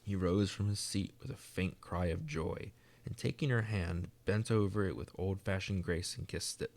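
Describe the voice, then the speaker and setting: A man reading a classic story aloud as audiobook narration, in a measured storytelling manner. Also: low-pitched, creaky, darkish tone. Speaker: reader.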